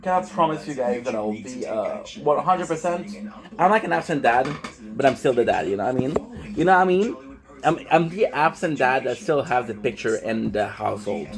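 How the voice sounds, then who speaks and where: A man's voice: medium pitch, animated, a little fast, crowd noise, rough recording. A man chatting casually on a phone live stream, rambling loosely, swearing freely and greeting viewers by name.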